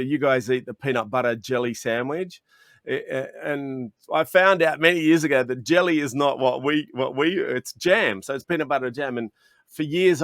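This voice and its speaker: A man's voice: medium pitch, dry recording, studio quality. An Australian man, a chocolatier guest in a video interview, telling stories eagerly and acting out chats with customers. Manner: animated, acts out customer exchanges, frequent restarts. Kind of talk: enthusiastic storytelling in an interview. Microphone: video call.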